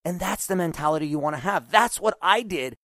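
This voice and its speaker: Animated podcast host guy, kinda high voice, dry close mic, coaching his listeners. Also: a little fast, no room sound. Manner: energetic, animated, acts out quoted voices. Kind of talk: solo podcast monologue.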